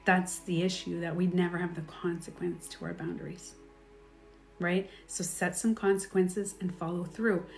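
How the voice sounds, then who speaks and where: A woman life coach giving candid, animated advice in casual talk, with her own stories and laughter. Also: lowish voice, normal speed, vocal fry, soft background music.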